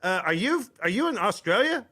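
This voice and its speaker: A man's voice: high-pitched, big pitch swings, fairly quick, bright, forceful tone, a little hiss or hum. Rambling casual male stream host. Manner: rambling, restarts, says "right?" often. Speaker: host of a live internet radio show. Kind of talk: casual live-stream chat. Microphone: desk microphone.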